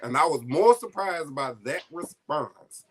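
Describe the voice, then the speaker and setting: A man's voice: a little high, measured pace, husky. A man telling a personal story in an interview, heartfelt and close to tears at times, acting out the voices of the people in it. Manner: emotional, heartfelt, choking up at times; animated retelling with quoted voices. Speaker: guest storyteller.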